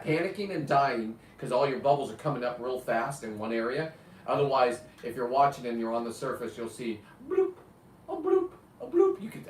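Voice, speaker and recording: A man in his fifties hosts a live show, speaking bluntly in a rambling, profane way at a medium pitch with a little hiss or hum. It's rambling live-stream chat, recorded in a roomy space with a distant mic and faint ambience.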